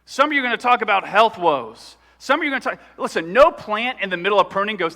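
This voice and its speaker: A man's voice: high voice, expressive, fast talker, few pauses, bright, forceful tone, big-room sound. A man preaching a sermon in a church, talking conversationally and asking the congregation questions. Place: church sanctuary.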